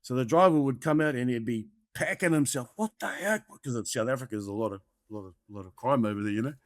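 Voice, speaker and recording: Brief: NZ man, 50s, relaxed yarn-spinner, mid-pitched, dry close sound. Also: fast talker, no room sound. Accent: New Zealand. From New Zealand. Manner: rambling anecdotal storyteller, peppered with "mate". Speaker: guest, former rugby player. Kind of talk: casual storytelling.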